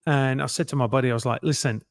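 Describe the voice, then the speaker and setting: A middle-aged man, a guest telling lively anecdotes and acting out other people's lines in a casual interview. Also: mid-range voice, racing, smooth, no echo, clean studio sound. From England.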